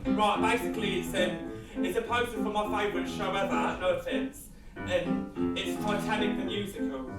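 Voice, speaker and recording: A man's voice: high voice, moderate pace, over loud music, natural voice. A man voicing a nervous, chatty male spirit, flustered and rambling, recorded live in a roomy theatre from a distance. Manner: flustered, rambling with many ums.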